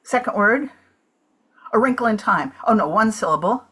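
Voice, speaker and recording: A woman's voice: medium pitch, expressive, normal speed, sharp tone, slightly rough. A woman improviser on a video call, hesitant and thinking aloud.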